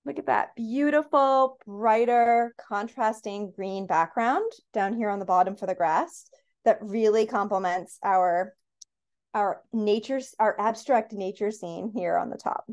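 A woman's voice: medium pitch, unhurried, darkish tone. Woman, painting instructor, upbeat, encouraging, step-by-step instructions. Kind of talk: live paint-and-sip class instruction.

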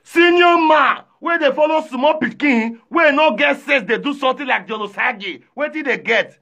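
A man with a Nigerian accent, chatting live and reading viewer comments aloud, animated, often shouting and repeating himself. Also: extremely high pitch, normal speed. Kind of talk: casual live-stream chat.

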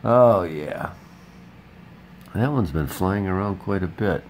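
A man's voice: low-pitched, lively intonation, takes it slowly, a little hiss or hum, low-quality recording. A man hosting a casual vlog, chatting in a rambling, upbeat way with a bit of pep talk. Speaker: vlog host.

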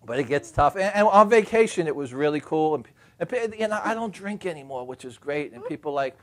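A man's voice: fairly high pitch, fairly quick. A man doing stand-up comedy, telling stories about home life and acting out the other people in them. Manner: animated, acts out quoted voices and shouts.

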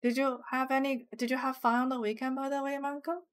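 A woman's voice: high-pitched, little pitch movement, quick pace. A young woman streaming a game, chatting casually with viewers, reading chat aloud and giggling often. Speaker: live streamer. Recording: music playing behind the voice.

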